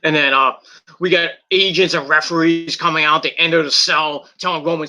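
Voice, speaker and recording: A man's voice: on the high side, steady tone, fairly quick, pushed and bright. A man recapping and reviewing a wrestling event in a casual, rambling way, with lots of fillers, restarts and swearing.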